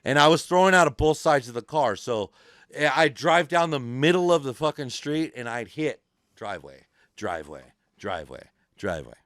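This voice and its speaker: A man on a podcast spins a story with a lively voice that jumps up and down in pitch, cursing at every turn and acting out the people in it. His voice is smooth and full, and the room is dry and close. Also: normal speed, no room sound. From California. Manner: animated, swears constantly, acts out voices in his stories. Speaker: podcast host. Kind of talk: casual profane storytelling. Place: podcast studio.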